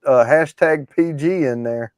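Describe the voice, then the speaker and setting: A man's voice: on the high side, unhurried, a little mellow, smooth, no echo, clean studio sound. A man hosting a giveaway show, chatting casually about classic rock, rambling with frequent restarts. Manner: rambling, restarts often, storytelling.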